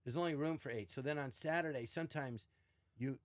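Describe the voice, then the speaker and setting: An older man with a mid-range voice, recorded dry and close, speaks in a casual storytelling way. He swings into put-on voices when quoting people and keeps the tale lively. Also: mid-range voice, brisk, no room sound. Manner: animated, acts out quotes in varied voices. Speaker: podcast guest.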